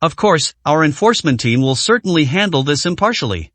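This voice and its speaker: A man's voice: fairly high pitch, very animated, a little fast, fairly bright tone, no echo. A man voicing a stern middle-aged enforcement captain who barks orders in an audiobook story. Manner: stern, barking.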